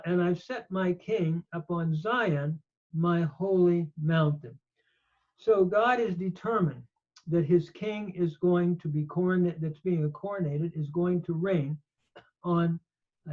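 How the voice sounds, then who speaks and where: An older man teaches scripture at an unhurried pace, reading verses aloud and stressing key words. His voice sits fairly high for a man. The recording is dull and lo-fi. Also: a little mellow. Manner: measured, emphatic, reads Hebrew aloud and explains each verse. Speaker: Bible teacher. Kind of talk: slow scripture lecture with Hebrew readings.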